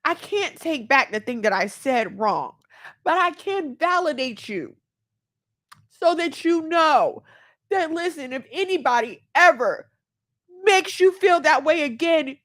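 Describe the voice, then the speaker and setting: A woman's voice: sits high, expressive, slow pace, a bit bright. A woman giving heartfelt self-help advice as a mother, speaking earnestly and acting out the voices she quotes. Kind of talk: candid self-help monologue.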